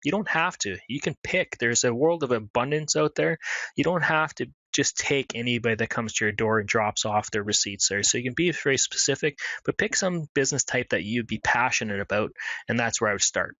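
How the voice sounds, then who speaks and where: A man giving a webinar presentation in a brisk, conversational way, full of fillers. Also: mid-range voice, bright, forceful tone, no echo, dull audio. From Canada. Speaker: marketing presenter.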